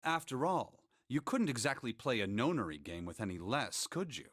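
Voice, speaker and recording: A calm, formal young nobleman. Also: mid-range voice, slightly rough. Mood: grave. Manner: polite, formal, measured.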